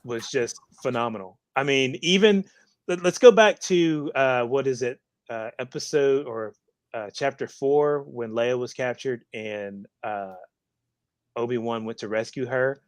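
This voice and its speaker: A man co-hosting a casual fan discussion, halting with many fillers as he gathers his thoughts. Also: medium pitch, no echo. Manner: hesitant, many uh fillers and restarts. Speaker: co-host.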